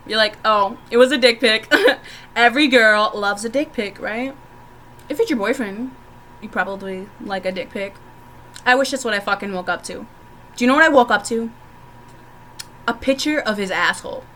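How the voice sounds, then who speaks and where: A woman's voice: medium pitch, moderate pace, pauses often, sharp tone. A young woman vlogger telling candid stories to the camera, frank and profane, often laughing as she talks.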